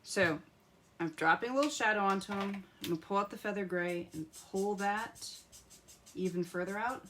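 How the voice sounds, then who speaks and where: A woman's voice: mid-range voice, normal speed, a bit bright, slight background noise. A woman hosting a live craft tutorial, chatting to viewers as she colors and muttering to herself as she picks pens. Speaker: craft demonstrator.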